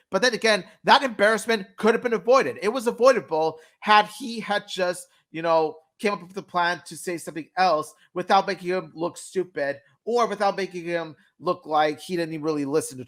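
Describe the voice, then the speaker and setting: A man with a slightly higher voice co-hosts a cartoon review stream. He chats loosely and gives firm opinions, and his talk is full of fillers. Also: fairly bright tone. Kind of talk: casual review chat.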